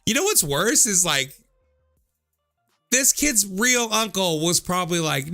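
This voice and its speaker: Gravelly guy in his 30s goofing off reading chat comments, voice all over the place, swears a lot. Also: high-pitched, a little slow, long pauses, faint music behind. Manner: animated, jokey, swears freely, laughs often. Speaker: streamer reading viewer comments. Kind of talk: casual comedic commentary.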